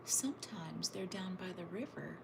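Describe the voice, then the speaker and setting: A woman whose voice is on the low side and creaky hosts a casual livestream at home, gazing over a snowy backyard while she chats with viewers and answers comments. She keeps a moderate pace and frequently whispers, with steady background noise present.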